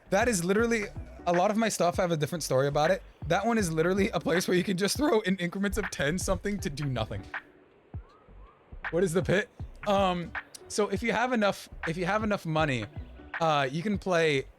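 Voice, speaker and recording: A young man casually commentating a game on stream, chatty and rambling, with game music behind. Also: on the high side.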